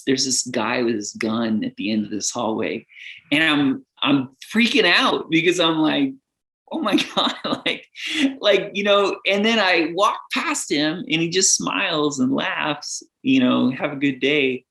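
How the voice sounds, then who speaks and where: Middle-aged man, podcast guest, earnest and rambling, quick to laugh. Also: medium pitch, fairly bright tone. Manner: rambling, earnest, lots of fillers; laughs often while talking. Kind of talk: casual podcast conversation.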